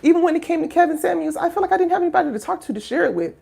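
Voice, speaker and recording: A woman in her thirties, a coach, talking casually and heartfelt to camera, drifting from hushed reflection to loud exclaiming, with many fillers and rhetorical questions. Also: very high voice, lively intonation, rapid-fire, gravelly. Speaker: life coach and finishing school founder.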